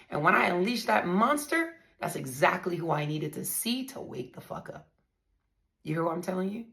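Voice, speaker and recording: Blunt gravelly woman telling it straight. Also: on the low side, a bit bright. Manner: blunt, profane, emphatic storytelling. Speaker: vlogger telling her divorce story. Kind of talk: casual monologue to viewers.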